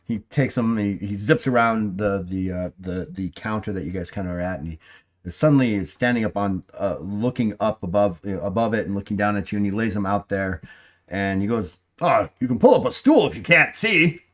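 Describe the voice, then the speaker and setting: A man's voice: lowish voice, a little fast. A man narrating as game master, rambling with fillers and restarts as he sets scenes.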